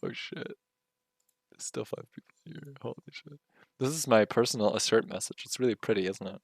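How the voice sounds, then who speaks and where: Gravelly, exasperated man live-coding on stream. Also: on the low side, a little fast, no room sound, studio quality. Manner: swears, mutters, laughs at his own frustration. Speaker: livestreaming game developer.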